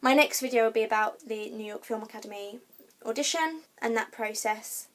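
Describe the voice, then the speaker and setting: A woman's voice: fairly high pitch, brisk, fairly bright tone. A young woman vlogger chatting casually to camera, with frequent ums and restarts as she tells her story. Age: young adult.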